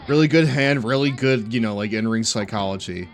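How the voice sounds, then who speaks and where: A man's voice: lowish voice, brisk, a little hiss or hum. A young man in his twenties chatting casually and laughing while he streams a video game, rambling with lots of fillers. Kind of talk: casual chat while gaming.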